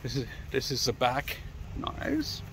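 Bloke vlogging from his motorbike trip, slow chatty rambling, faint outdoor noise behind. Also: mid-range voice. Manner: chatty, rambling, addresses viewers directly. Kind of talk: casual chat to camera. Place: outdoors by a church and graveyard.

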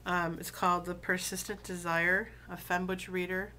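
A woman who has been sick, her voice lower than usual, chatting casually with many fillers and reading poems aloud in a slow, deliberate way. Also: flat delivery, bright, forceful tone, a little hiss or hum. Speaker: video blogger reading poetry.

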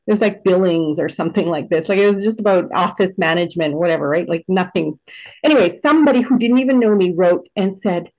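A woman in a casual group conversation, telling a story in an animated way and laughing at herself. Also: lowish voice, quick pace, rough recording. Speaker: discussion participant.

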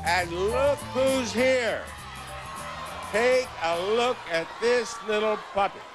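A man's voice: high voice, crowd noise. An older man hosting a TV game show in a studio, playful and teasing with contestants. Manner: playful, teasing, drawn-out delivery. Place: TV studio with live audience. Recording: loud studio audience and music.

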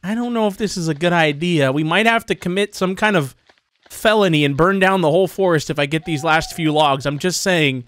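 Excitable young man gaming host. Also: a little high, a little fast, clean tone. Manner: excitable, chatty, jumpy reactions. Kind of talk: let's-play commentary.

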